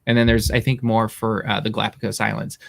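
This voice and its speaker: A man's voice: fairly low pitch, completely flat delivery, fast talker, gravelly. A man co-hosting a podcast in casual chat, rambling with lots of fillers. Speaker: podcast co-host.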